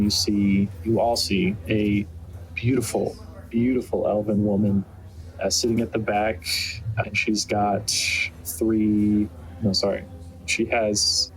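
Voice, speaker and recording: A man's voice: on the low side, poor audio. A man narrating a tabletop game as game master, rambling with many fillers.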